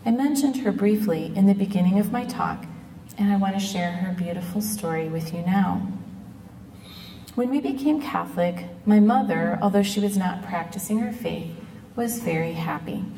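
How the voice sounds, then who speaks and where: A woman's voice: medium pitch, moderate pace, mellow. Middle-aged woman telling a testimony in an echoey hall. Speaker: speaker giving a personal testimony. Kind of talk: earnest spoken testimony. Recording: echoey hall, mic at a distance.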